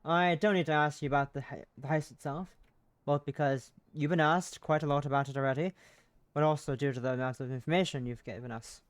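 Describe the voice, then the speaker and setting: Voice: medium pitch, steady tone, brisk, no echo, close to an everyday voice. A streamer voicing a courteous detective who politely questions a witness in a game. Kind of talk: reading a game character aloud.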